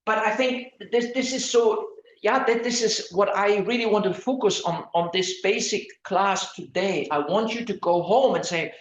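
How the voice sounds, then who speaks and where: A lecturer teaching academic writing in an online class speaks in a mid-range voice at a moderate pace. She hesitates a lot, restarting and repeating words, and often puts questions to her listeners. The room sound is echoey, dull and lo-fi.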